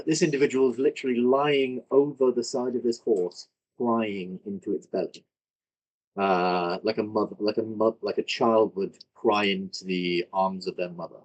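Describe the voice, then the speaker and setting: A man's voice: fairly low pitch, darkish tone, low-quality recording. A man narrating as game master, describing scenes with many fillers and self-corrections. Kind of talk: improvised tabletop narration.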